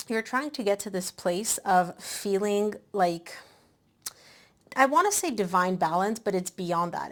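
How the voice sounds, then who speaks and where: Woman tarot reader, medium pitch, breezy and talkative, slightly winded. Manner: chatty, animated, with many "like" and "um" fillers. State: a bit out of breath. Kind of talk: casual tarot reading to camera.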